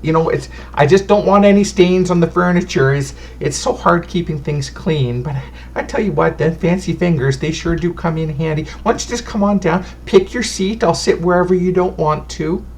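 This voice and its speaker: A man's voice: a little high, normal speed, slight background noise, voice pushed up, natural voice. A man doing a fussy little old lady fortune teller. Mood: fussing. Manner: chatty, folksy, calls people darling and honey.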